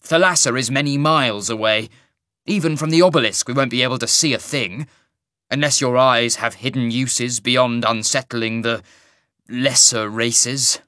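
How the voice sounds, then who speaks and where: A man voicing a bitter, sharp-tongued male half-mage who speaks in a snarling, sardonic way. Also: medium pitch, expressive, moderate pace, dry recording, studio quality, pitched above the performer's own voice. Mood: irritable.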